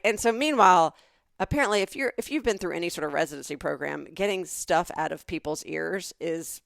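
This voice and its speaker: A middle-aged woman with a Southern American accent speaks in a somewhat low voice, recorded dry and close. She builds her anecdotes with animated detail, as a comedy podcast co-host. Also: brisk, creaky, no echo. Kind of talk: casual comedic chat.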